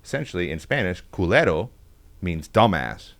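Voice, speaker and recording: A man's voice: low-pitched, brisk, a bit bright. A man from Texas, a podcast guest telling rambling, profane school stories in casual chat. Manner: rambling, profane storytelling with acted-out quotes. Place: podcast studio.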